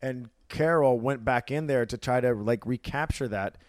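A man's voice: mid-range voice, normal speed, no room sound, clean studio sound. A man in his thirties co-hosting a podcast, rambling and trailing off mid-sentence. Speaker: podcast co-host. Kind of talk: casual chat.

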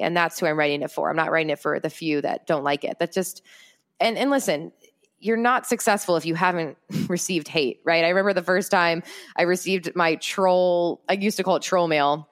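A woman in her late twenties, an entrepreneur and speaker, talking candidly and expressively as a podcast guest, often laughing. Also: lowish voice. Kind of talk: casual podcast conversation.

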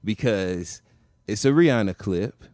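A man's voice: fairly low pitch, expressive, measured pace, a little mellow, no echo, studio quality. A man hosting a podcast with casual chat, laughing often and stretching out quoted catchphrases. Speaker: podcast host.

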